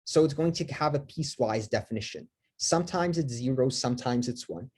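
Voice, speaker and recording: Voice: medium pitch, lively intonation, fairly quick, a little mellow. A lecturer giving a live math lecture, talking with many fillers, restarts and self-corrections, and asking the class questions.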